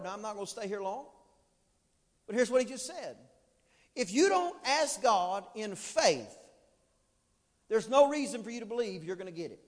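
A man preaching a sermon as pastor, fervent and building to shouted emphasis, with drawn-out dramatic phrasing. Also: extremely high pitch, sing-song, long reverb tail. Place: church sanctuary.

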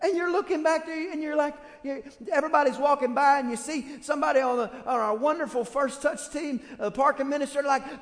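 Pastor, male, very high voice, lively comic sermon storytelling, long church-hall reverb. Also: fairly quick, hardly any pauses. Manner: animated, humorous storytelling. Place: church sanctuary.

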